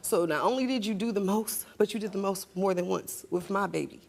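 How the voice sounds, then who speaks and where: A woman's voice: medium pitch, a little fast, creaky, a little mellow. A woman guest on a talk show, recounting a painful family story and growing heated as she argues with her mother. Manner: heated, talks over others. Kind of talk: emotional testimony on a talk show.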